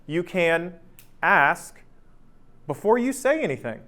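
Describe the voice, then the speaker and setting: With a high voice and a slow pace, a man in his thirties leads a workplace training session casually. He talks in a conversational way, constantly checking in with "right?", and acts out anecdotes energetically.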